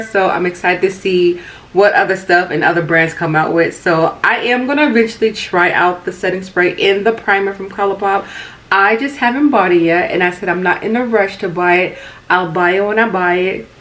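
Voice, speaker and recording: Hoarse woman in her thirties, raspy and low-pitched, for a loose, chatty vlogger read. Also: fairly bright tone. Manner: chatty, rambling, many fillers and restarts. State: hoarse from a cold. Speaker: beauty vlogger. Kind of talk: casual chat.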